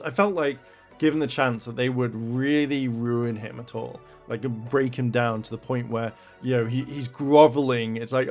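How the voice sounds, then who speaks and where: A man's voice: mid-range voice, fairly even intonation, normal speed, faint music behind. A man reviewing a show in a blunt, rambling rant full of swearing.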